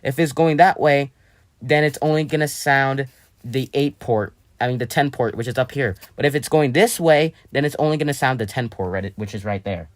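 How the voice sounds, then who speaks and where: A man's voice: medium pitch, normal speed. Rambling man explaining his siren build. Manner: rambling, restarts sentences, self-corrects. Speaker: hobbyist vlogger. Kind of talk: casual explaining.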